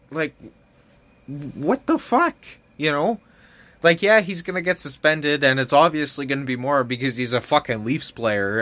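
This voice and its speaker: A young man from Canada with a bright, ringing voice vents in a loose, unscripted rant. He swears freely and sounds fired up and exasperated. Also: medium pitch, dry recording. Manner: heavy swearing, fired-up and frustrated. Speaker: vlogger. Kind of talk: casual opinion rant.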